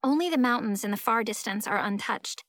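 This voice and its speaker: A woman narrating a children's fantasy audiobook in the first person, lively and expressive. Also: on the high side, fairly quick, no room sound, studio quality.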